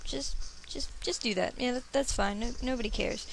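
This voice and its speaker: A woman's voice: a little high, normal speed, creaky. A young woman giving casual, bubbly let's-play commentary from home, giggling and chatting to her cat. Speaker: let's player.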